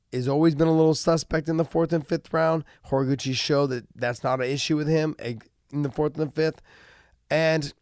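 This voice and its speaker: A jet-lagged, tired man hosts a fight analysis show, giving casual commentary full of fillers and restarts. His voice is fairly high in pitch. The sound is clean and studio-like with no echo.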